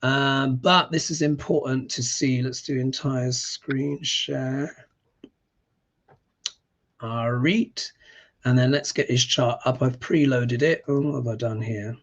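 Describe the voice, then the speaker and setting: A man hosting a casual live stream as an astrologer, talking in an animated, emphatic way and often clearing his throat. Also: medium pitch, slow.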